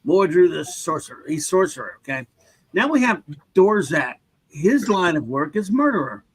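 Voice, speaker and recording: A man with a somewhat high voice talks through comic pages on a laid-back podcast. His delivery is blunt and wry, and he dryly questions the story's logic as he goes. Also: big pitch swings, normal speed, breathy edge, low-quality recording. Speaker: podcast co-host. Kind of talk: casual comic book podcast chat.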